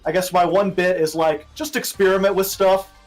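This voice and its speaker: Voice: mid-range voice, steady tone, moderate pace, faint music behind. A streamer being interviewed in casual chat, laid-back and joking, cursing freely. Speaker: streamer guest.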